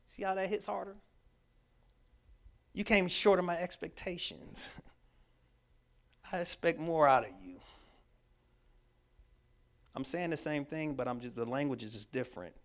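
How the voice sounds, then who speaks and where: A man's voice: a little high, a little slow, pauses often, fairly bright tone. A man presenting a workshop to a church audience, talking in an emphatic, repetitive preaching cadence with casual, conversational grammar. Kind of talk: teaching talk to a church audience.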